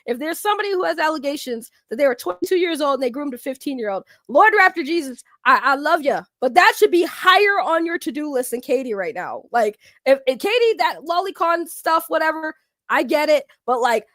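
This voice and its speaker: A woman's voice: high voice, fairly bright tone, no echo, clean studio sound. A woman hosting a casual livestream, talking back to her chat and ranting with swearing and laughter. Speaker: livestream host.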